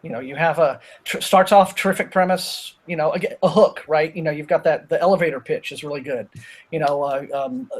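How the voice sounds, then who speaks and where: Talkative man with a higher voice. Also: a little fast. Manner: rambling and opinionated, with many restarts. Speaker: booktuber host of a live show. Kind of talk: casual group chat over video call.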